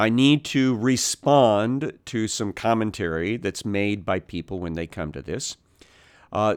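A man teaches from the Bible at an unhurried pace, pausing often and filling the gaps with "uh" as he works through the origins of old words. His voice is smooth and clear, and it is recorded close and dry with no room echo. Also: on the low side. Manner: slow and deliberate, many pauses and "uh" fillers; explains word origins, corrects himself mid-sentence.

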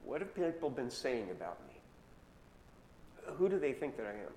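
Guy preaching, casual storytelling, slows down on the big lines, lots of hall echo. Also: mid-range voice, sing-song, dark tone. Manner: retells scripture in casual modern words, slowing for emphasis. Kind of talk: sermon storytelling. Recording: echoey hall with long reverb, faint noise.

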